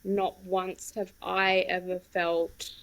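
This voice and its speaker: A woman's voice: fairly low pitch, little pitch movement, slow, a bit bright, rough recording. A woman co-hosting a podcast, talking in an earnest, frank way with casual swearing while tearful. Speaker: podcast co-host. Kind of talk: supportive casual chat.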